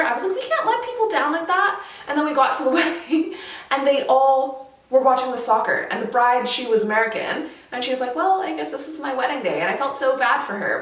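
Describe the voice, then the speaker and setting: Woman vlogger from Canada, casual and animated, higher pitch; recorded with a roomy echo. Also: far from the mic. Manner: chatty, laughs often, animated. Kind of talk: casual chat to camera. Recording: roomy echo, slightly off mic.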